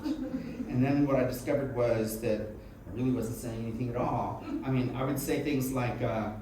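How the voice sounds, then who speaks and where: A man telling a personal story to a live audience in an animated, self-mocking and frank way, swearing freely. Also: mid-range voice, normal speed. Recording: echoey room from a distant mic with background noise.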